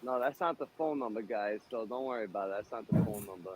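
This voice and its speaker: A man talks over his own street footage in a joking running commentary. He is loud, profane and teasing, and breaks into bursts of mock excitement. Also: lowish voice, quick pace, slight background noise, low-quality recording. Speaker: street vlogger narrating what he films.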